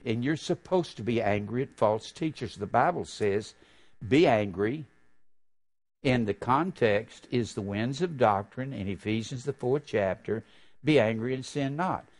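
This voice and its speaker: Preaching with fervor, an older man draws out important phrases slowly, then breaks into abrupt, loud, high bursts.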